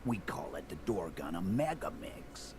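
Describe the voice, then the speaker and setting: An actor playing a gruff, hostile dockworker gang leader who swears freely and talks down to people. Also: male voice, low voice, sing-song, moderate pace, darkish tone. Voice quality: gravelly. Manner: contemptuous, growling, swears freely. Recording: game audio with noisy ambience.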